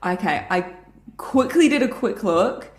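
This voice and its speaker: A woman co-hosting a fan podcast, chatting casually and gushing with excited little noises. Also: mid-range voice, a little slow, echoey room. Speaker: podcast co-host.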